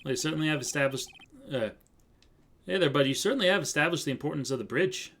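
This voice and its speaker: A man's voice: fairly high pitch, a little fast, fairly bright tone. A man voicing a stern older male judge in a game, putting on a wobbly Canadian accent and ending his lines with "eh". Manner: gruff, blustering, tacks "eh" onto his lines. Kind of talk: reading a game aloud on a live stream.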